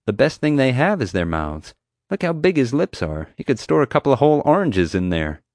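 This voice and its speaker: A man's voice: medium pitch, big pitch swings, a little fast, darkish tone, no echo, studio quality, pitched above the performer's own voice. A man reading an audiobook, voicing a knowing mother who explains things patiently. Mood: explaining. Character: sharp, knowing mother, a woman. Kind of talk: audiobook character voice.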